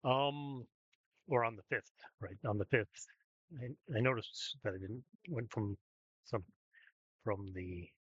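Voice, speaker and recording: A man casually commenting over his own gameplay, rambling and hesitant with frequent pauses and restarts. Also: on the low side, fairly bright tone, slightly rough, no room sound, muffled recording. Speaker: gameplay streamer.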